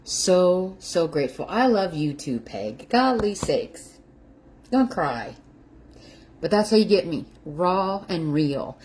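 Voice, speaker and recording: A middle-aged woman chatting on a live stream from her home kitchen, her voice low and soft-edged. She greets viewers by name and speaks in an effusive, heartfelt way, a little teary-eyed. A faint hiss sits under her voice. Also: big pitch swings, takes it slowly. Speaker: keto lifestyle livestream host. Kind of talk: casual livestream chat.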